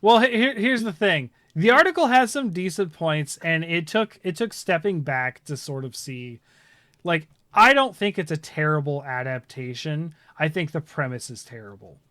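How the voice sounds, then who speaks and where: A man co-hosting a casual podcast chat, animated and quick to laugh. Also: fairly high pitch, no echo, studio quality. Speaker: podcast co-host.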